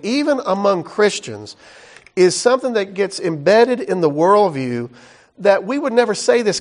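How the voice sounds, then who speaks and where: A man with a high voice preaches in an easy, conversational way. He stays folksy and animated, breaking into exclamations and side remarks between points. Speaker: pastor. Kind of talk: conversational sermon.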